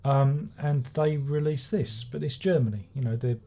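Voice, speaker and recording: A man's voice: fairly high pitch, normal speed, dark tone. A man giving a rambling, sardonic album review, swearing and restarting his sentences as he goes. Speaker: music reviewer. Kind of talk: casual spoken album review.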